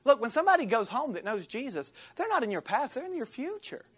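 An American woman preaching a sermon, telling a personal story with lively swings from loud to hushed and acting out the voices she quotes. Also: high voice, fast talker, breathy edge. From United States.

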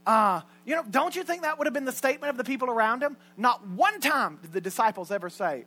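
A man preaching a sermon in a church, folksy and joking, shifting between loud and hushed lines. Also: very high voice, lively intonation, moderate pace. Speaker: pastor. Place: church sanctuary.

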